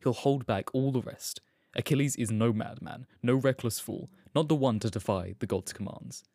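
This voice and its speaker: A man's voice: mid-range voice, moderate pace, a little mellow, dry recording, studio quality, close to an everyday voice. A man voicing the commanding king of the gods, issuing orders in a dramatic audiobook reading. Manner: commanding, declamatory.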